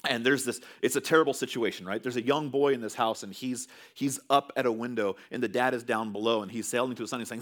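Male pastor in his thirties, sermon, earnest, loud then hushed, mid-pitched voice. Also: steady tone, a little fast. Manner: earnest, swings between loud emphasis and hushed quiet.

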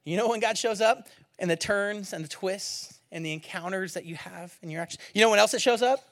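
A man preaching a sermon in a conversational, animated way, swinging from hushed near-whispers to loud emphatic bursts and asking rhetorical questions. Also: high-pitched, fairly quick. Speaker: pastor.

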